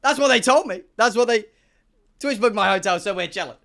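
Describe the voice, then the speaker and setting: A young man, a streamer telling an animated, sweary storytime to his chat and acting out the dialogue. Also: sits high, fairly quick, creaky. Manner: excitable, swearing, acts out dialogue.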